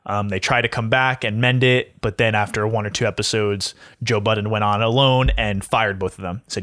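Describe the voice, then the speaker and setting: A man's voice: lowish voice, steady tone, normal speed, hardly any pauses, a bit bright, dry recording, clean studio sound. A man co-hosting a podcast, chatting casually and recapping gossip with lots of filler words and swearing. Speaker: podcast co-host. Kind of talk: casual chat.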